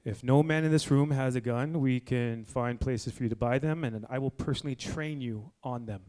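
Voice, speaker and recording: A man in his forties preaching a blunt, fiery sermon to a men's group indoors, moving between low, quiet stretches and loud exhortation. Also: normal speed. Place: indoor room with a gathered group.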